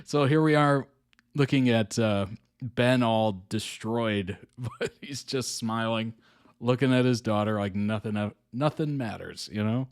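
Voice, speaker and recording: A man's voice: medium pitch, measured pace, clean tone. A young adult man hosting a reaction video, rambling casually with many fillers and frequent chuckles.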